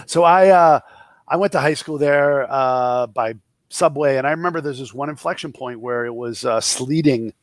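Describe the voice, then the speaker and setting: Speaking at normal speed in a mid-range voice with no echo, an entrepreneur in his fifties from the Boston area, USA, sounds distinctly Bostonian. As an interview guest he tells jokey stories casually, imitating the others' quotes.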